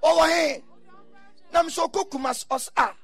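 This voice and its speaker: A man preaching a sermon, telling stories and breaking into shouted bursts. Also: extremely high pitch, slow pace, dry recording, faint music behind. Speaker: pastor.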